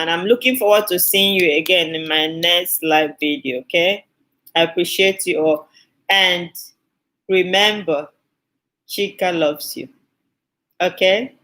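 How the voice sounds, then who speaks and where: A woman's voice: low-pitched, fairly bright tone, low-quality recording. A woman hosting a skincare live stream, chatting with viewers and thanking them effusively, often repeating her phrases. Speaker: skincare channel host.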